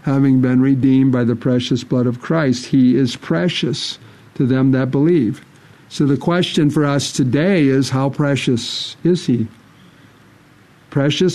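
A man's voice: mid-range voice, a little slow, darkish tone. A man preaching a sermon, reading scripture aloud and pressing earnest, repeated rhetorical questions. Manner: reads scripture aloud in King James wording.

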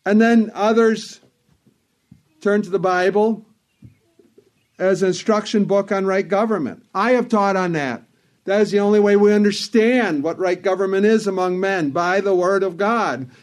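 A man's voice: high voice, moderate pace. A man preaching a sermon in an earnest, emphatic way, repeating phrases for stress.

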